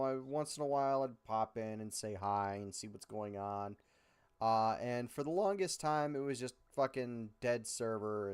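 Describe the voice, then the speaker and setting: A man hosting a stream, chatting casually in a rambling, self-correcting way and joking about his low viewer count. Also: a little mellow, clear, resonant tone, no echo. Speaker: stream host. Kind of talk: casual chat.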